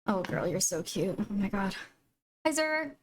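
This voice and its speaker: A woman's voice: mid-range voice, big pitch swings, a little slow, background noise. A woman live-streaming a video game, chatting casually with viewers and gushing over her pets. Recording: faint music behind.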